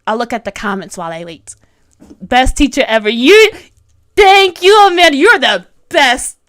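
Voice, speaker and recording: A bubbly woman in her thirties with a high, bright-sounding voice, talking through a drawing tutorial on a livestream. She rambles, giggles often and teases herself as she answers viewers. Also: very animated, moderate pace. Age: 30s. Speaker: webcomic artist streaming a tutorial. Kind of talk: casual livestream chat, reading comments.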